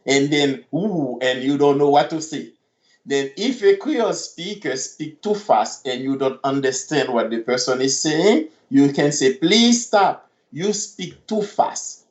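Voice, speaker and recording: Male language teacher on a video call, very slow deliberate delivery, dull muffled sound. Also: fairly high pitch, expressive, roomy sound. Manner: repeats phrases slowly, syllable by syllable. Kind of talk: slow language lesson, modeling pronunciation. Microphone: computer mic on a video call. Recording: dull lo-fi online class audio.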